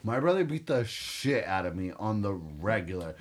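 A man's voice: lowish voice, big pitch swings, normal speed. A young man co-hosting a podcast, telling a profane, rambling story in a casual chat. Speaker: podcast co-host.

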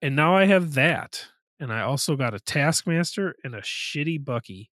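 A man's voice: fairly high pitch, lively intonation, moderate pace, fairly bright tone, dry recording. A man chatting casually on a podcast, playful, swearing freely and rambling through stories. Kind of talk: casual chat.

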